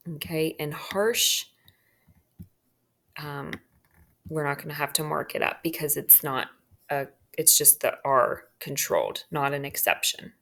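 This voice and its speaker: Low gravelly woman teaching phonics. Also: a little slow, a bit bright. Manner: talks through marking a worksheet, checks in with "okay?". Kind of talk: phonics lesson walkthrough.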